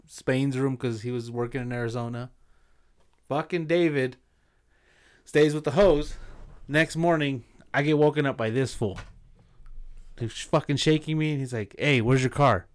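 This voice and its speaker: A man hosting a casual podcast, telling a rowdy story in a profane, animated way and dropping Spanish slang. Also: mid-range voice, clear, resonant tone. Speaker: podcast host.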